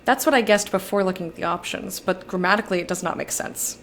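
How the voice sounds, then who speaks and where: A woman's voice: medium pitch, fast talker, fairly bright tone, a little hiss or hum. Chatty young woman streaming a game. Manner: chatty, reads game dialogue aloud between musings. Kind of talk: casual let's-play commentary.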